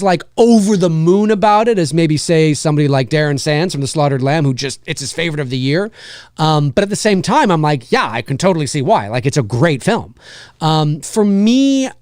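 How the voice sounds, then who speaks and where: A man's voice: a little high, a little mellow, smooth, no room sound, clean studio sound. A man hosting a live stream, chatting casually about films and answering viewers in a rambling, self-correcting way. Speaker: livestream host and indie filmmaker.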